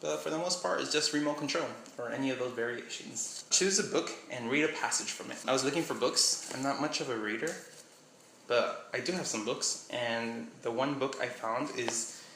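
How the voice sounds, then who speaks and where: A man's voice: medium pitch, moderate pace, gravelly, pushed and bright. A young man from Miami, Florida, chatting casually in a vlog, rambling and doubting himself as he reads a list aloud. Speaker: vlogger. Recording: echoey room with faint hum.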